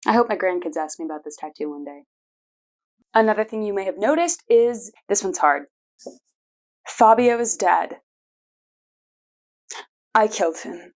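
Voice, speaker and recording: A woman's voice: medium pitch, lively intonation, normal speed, pauses often. Chatty young woman telling stories. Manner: chatty and playful, laughs often. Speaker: podcast host. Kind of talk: casual personal storytelling.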